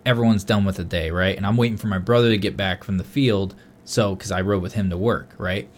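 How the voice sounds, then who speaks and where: A young man casually telling a long story on a podcast, swearing often and getting loud when he quotes himself. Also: low voice, brisk, a little hiss or hum. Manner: animated, swears a lot, loud bursts when quoting himself. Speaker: podcast co-host.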